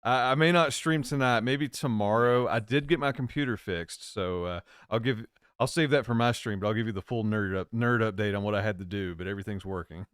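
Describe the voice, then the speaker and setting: A man's voice: on the low side, brisk, fairly bright tone, clean tone, no echo, studio quality. A man co-hosting a live chat stream, laid-back and joking, rambling through his explanations. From Virginia. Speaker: co-host.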